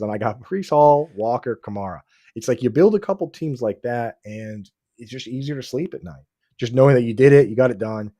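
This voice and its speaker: A man hosting a casual fantasy football podcast, talking excitedly, restarting sentences and calling his guest dude and bro. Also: medium pitch, fairly quick, dry recording, clean studio sound. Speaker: podcast host.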